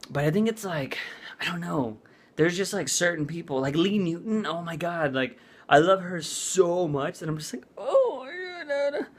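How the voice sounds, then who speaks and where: A man's voice: on the high side, fairly bright tone. A man vlogging in a casual chat, rambling with lots of "like" and "uh". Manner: rambling, full of "like" and "uh".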